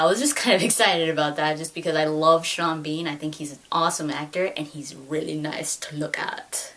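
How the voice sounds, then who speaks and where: A woman in her twenties chatting excitedly about gaming news with lots of fillers, recorded at home. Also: lowish voice. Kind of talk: casual chat.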